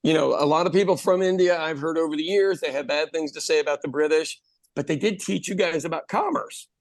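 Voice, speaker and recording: Man, 50s, podcast co-host; animated storyteller, slightly high voice, dead-dry close mic. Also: brisk, no room sound. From Ireland. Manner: animated, acts out other people's lines, swears freely. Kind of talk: casual storytelling chat.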